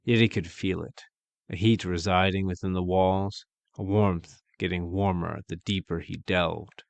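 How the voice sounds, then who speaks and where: A man narrating a dark fantasy story in a measured, dramatic way with archaic phrasing. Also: sits low, fairly even intonation, vocal fry, no room sound.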